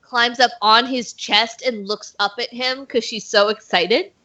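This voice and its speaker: A woman's voice: fairly high pitch, steady tone, measured pace, bright, forceful tone. A woman guest chatting casually over a video call, candid and swearing freely, a bit tipsy. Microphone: video call mic. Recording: muffled lo-fi stream audio.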